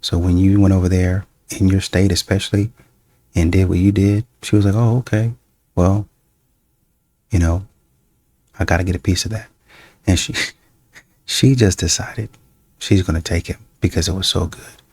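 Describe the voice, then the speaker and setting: A man's voice: deep voice, steady tone, normal speed, long pauses, a little mellow, no room sound. A man hosting a reaction show, giving blunt casual commentary on clips and repeating his points.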